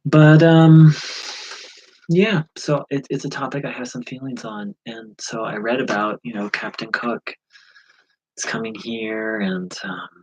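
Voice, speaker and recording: A man from the USA talking through a personal spiritual insight, halting, with many fillers and restarts. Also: lowish voice, fairly bright tone, breathy edge, highs cut off. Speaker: spiritual teacher. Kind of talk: reflective spiritual vlog.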